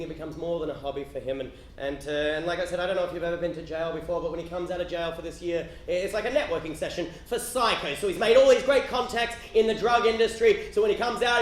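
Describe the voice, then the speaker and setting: An Australian man doing stand-up storytelling, stammering restarts and swinging from hushed to shouting. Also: fairly high pitch, reverberant, slight background noise. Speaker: storyteller comedian. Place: theatre stage with live audience.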